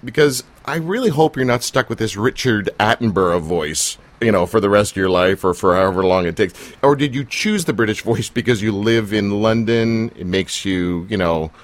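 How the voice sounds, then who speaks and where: A man's voice: fairly low pitch, animated, moderate pace, hardly any pauses, dry recording. A man hosting a casual interview, teasing his guest in a jokey, rambling way with plenty of fillers. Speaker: interviewer and show host.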